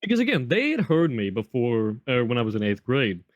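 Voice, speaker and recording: A teenage young man co-hosting a podcast, chiming in with quick joking comebacks. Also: mid-range voice, wildly swooping pitch, no echo, dull audio. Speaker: podcast co-host. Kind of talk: casual chat.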